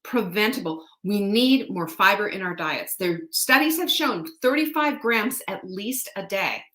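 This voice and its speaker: Female sales-stream host, lively pitch, bright and sharp, folksy direct address, echoey room. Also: a little slow. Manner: animated, folksy and chatty, addresses viewers directly. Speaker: host selling products.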